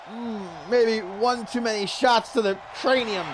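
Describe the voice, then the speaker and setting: High-voiced man shouting wrestling commentary. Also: very slow, long pauses, a crowd in the background, background noise. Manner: shouting over the action, loud and animated.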